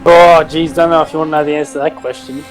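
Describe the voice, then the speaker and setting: A man's voice: fairly high pitch, steady tone, fast, faint music behind, low-quality recording. A man chatting casually and joking about stepping back from online racing. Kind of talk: casual chat.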